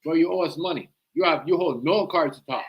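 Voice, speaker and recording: A man's voice: on the high side, brisk, dull audio. A man with a Jamaican accent hosting a livestream, giving casual reaction commentary in a slangy, emphatic way that keeps circling back with "you know what I mean".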